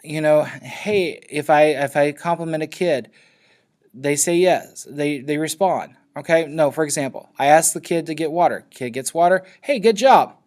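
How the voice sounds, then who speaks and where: A man's voice: fairly high pitch, normal speed, a little mellow. A man teaching a class in a loose, conversational lecture, often checking in with his students. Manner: loose, checks in with frequent "okay?".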